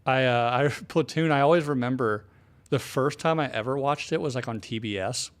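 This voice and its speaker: A man's voice: mid-range voice, moderate pace. Profane man in casual podcast banter. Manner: loose, profane, laughing storytelling. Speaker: podcast co-host. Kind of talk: casual chat.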